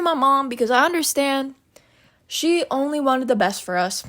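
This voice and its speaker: A woman's voice: sits high, lively intonation, normal speed, a bit bright, no echo. A young woman from Arizona hosting a solo podcast, ranting heatedly and profanely, repeating her points for emphasis. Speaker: podcast host.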